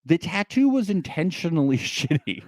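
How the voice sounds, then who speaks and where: A man's voice: a little high, big pitch swings, normal speed, a little mellow, no echo. A man co-hosting a casual podcast recap, chatty and laughing, with many fillers. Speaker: podcast co-host.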